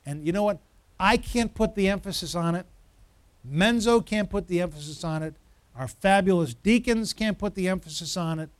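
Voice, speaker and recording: A man's voice: high-pitched, moderate pace, no room sound. A man preaching an interactive sermon in church, asking the congregation questions and building to emphatic repetition. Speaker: pastor.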